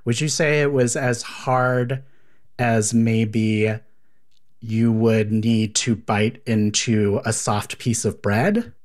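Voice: medium pitch, fairly even intonation, slow. An interviewer asking curious follow-up questions, reacting with short prompts. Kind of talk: conversational interview.

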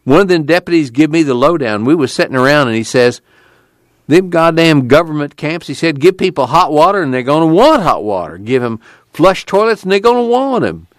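Blunt, profane tubby migrant, put on by a man, higher voice, lively. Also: fairly quick, dry recording, clean studio sound. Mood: indignant. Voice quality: blunt, profane, raised pitch. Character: gruff tubby middle-aged male migrant, blunt storyteller.

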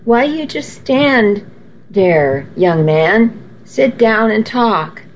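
A woman's voice: mid-range voice, expressive, extremely slow, a little hiss or hum. A woman voicing a feisty elderly grandmother who speaks fierce, clipped broken English, on a dull lo-fi recording. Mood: gruff.

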